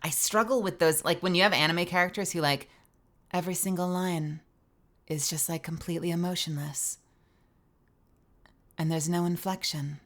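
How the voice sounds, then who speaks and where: Low-voiced woman chatting about voice acting. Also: moderate pace, pauses often. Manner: animated, swears freely, explains voice acting. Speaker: streamer and voice actor. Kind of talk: casual live-stream chat.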